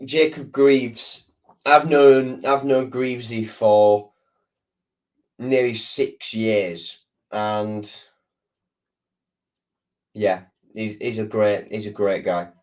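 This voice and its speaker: A man's voice: fairly low pitch, extremely slow, pauses often, darkish tone. A man with a sore throat, chatting casually on a live stream and answering viewers, rambling with lots of restarts and ums. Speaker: football fan channel host.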